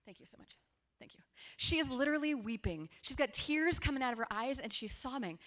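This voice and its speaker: A woman in her forties giving a conference workshop talk, telling stories in a lively, conversational way with asides to her audience. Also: high-pitched, fairly quick. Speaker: workshop presenter. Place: conference room with a seated audience.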